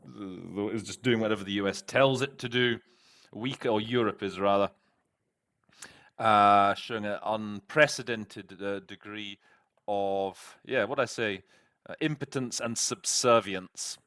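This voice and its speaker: A middle-aged man, a conference interpreter, interpreting a speech and then talking through his word choices, often pausing and restarting. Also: fairly low pitch, a bit bright, no echo, studio quality. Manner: thinks aloud, hesitant, many restarts. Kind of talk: interpreting practice with commentary.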